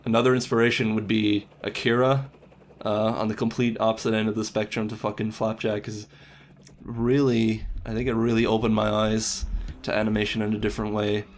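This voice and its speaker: A man's voice: fairly low pitch, little pitch movement, fairly quick, a little hiss or hum. A young man, an animator, talking casually in an interview, rambling and self-deprecating, with casual swearing.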